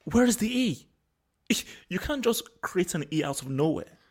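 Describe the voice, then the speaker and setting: Stammering, laughing man with lively pitch. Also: unhurried, slightly rough. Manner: stammering restarts, laughing storyteller. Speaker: podcast co-host. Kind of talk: casual football chat.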